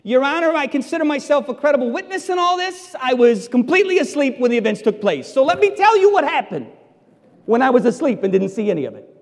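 Guy doing a high squeaky sheepish guard pleading to a judge, echoey hall. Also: very animated, fast, full character voice. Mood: mock-earnest. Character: sheepish male guard testifying in court.

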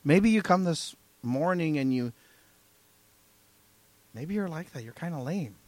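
A man's voice: fairly high pitch, lively intonation, measured pace, darkish tone, no room sound. A man preaching a sermon as pastor, emphatic, often asking the congregation "right?" and "amen?".

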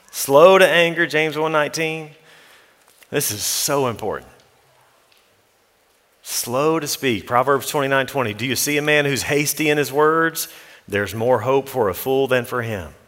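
A male pastor preaches an earnest, practical sermon, quoting scripture as he goes. His voice sits slightly high for a man. It rings with the long reverb of a church sanctuary. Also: a bit bright.

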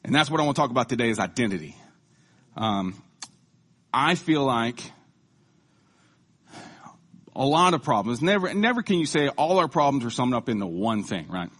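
Husky, joking man preaching. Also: medium pitch, expressive, a little fast, fairly bright tone. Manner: conversational, joking, self-deprecating. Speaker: lay preacher. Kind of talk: casual sermon.

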